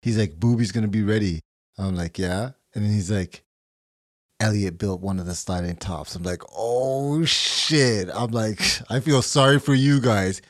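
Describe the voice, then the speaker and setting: A man's voice: on the low side, a little slow, no room sound, clean studio sound. A man co-hosting a podcast who laughs often and retells a conversation in a casual chat. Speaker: podcast co-host.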